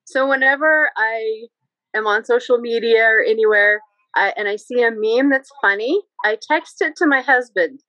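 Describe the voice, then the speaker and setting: A bubbly woman in a casual podcast chat, with a high, bright voice. The sound is close and dry. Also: moderate pace, no room sound, highs cut off. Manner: bubbly, laughs as she talks.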